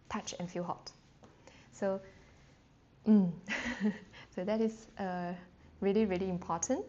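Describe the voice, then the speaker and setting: A woman who speaks natively teaching a live online beginner lesson, chatty and full of fillers, slowly sounding out Chinese words with exaggerated tones. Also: medium pitch, a little mellow. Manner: chatty, loose, with many fillers and self-restarts. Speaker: Mandarin teacher. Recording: dull lo-fi stream audio with faint background noise.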